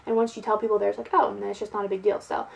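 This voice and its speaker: A woman's voice: mid-range voice, level tone, very fast, creaky, a little mellow, rough recording. Chatty young woman vlogging at home. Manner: chatty and giggly, peppered with "like". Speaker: beauty vlogger. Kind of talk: casual chat to camera. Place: at home, sitting indoors.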